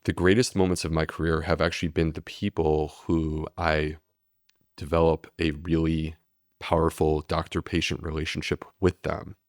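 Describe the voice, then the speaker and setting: A man's voice: extremely low pitch, level tone, moderate pace, no echo, studio quality. A man, a medical doctor, explaining steadily and earnestly in a podcast interview. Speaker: gastroenterologist guest.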